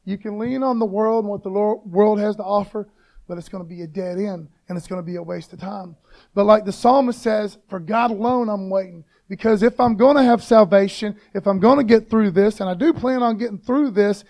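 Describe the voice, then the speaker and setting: A man's voice: high-pitched, gravelly, darkish tone. A man preaching an informal devotional talk, fired up and casual, calling listeners "man" again and again.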